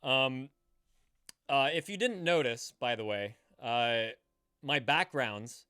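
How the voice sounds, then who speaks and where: A man's voice: medium pitch, slow pace, sharp tone, clean tone, no room sound, studio quality. An American man hosting a live stream in casual chat, swearing freely and greeting viewers by name. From United States. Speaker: streamer host.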